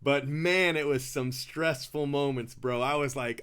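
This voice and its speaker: A man's voice: mid-range voice, fairly even intonation, unhurried, fairly bright tone, clean tone. A man casually telling a story during a card break, chatty, laughing often and saying "bro" and "you know" a lot.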